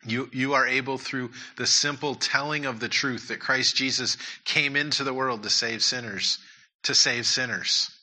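A man's voice: mid-range voice, fairly even intonation, moderate pace, pushed and bright. A man preaching a sermon and leading prayer in a church, earnest and repeating his key points. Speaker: pastor.

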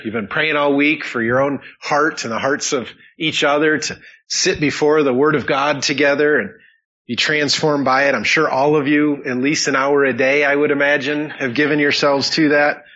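Bright, husky-voiced pastor preaching. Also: male voice, on the high side, muffled recording. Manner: earnest, with dry teasing asides. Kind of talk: sermon with opening prayer.

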